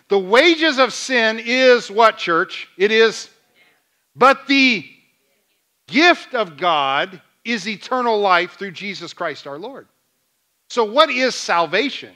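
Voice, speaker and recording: A man preaching a sermon as pastor, asking the congregation questions and retelling scenes in lively dialogue. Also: sits high. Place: church sanctuary.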